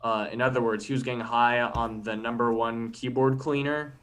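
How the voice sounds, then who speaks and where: A man delivering stand-up one-liners in a dry, hesitant way, pausing often. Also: mid-range voice, little pitch movement, fairly bright tone. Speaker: stand-up comic.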